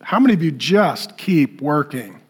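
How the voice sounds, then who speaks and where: A pastor delivering a humorous sermon, telling stories in an animated way and often laughing as he talks. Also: fairly high pitch, moderate pace, breathy edge.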